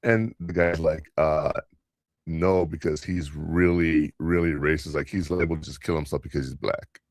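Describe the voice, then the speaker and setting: A man's voice: very deep voice, moderate pace, darkish tone, no room sound, clean studio sound. An older man hosting a podcast in casual chat, rambling through stories and acting out other people's lines. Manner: rambling storyteller, quoting others in voices. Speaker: podcast host.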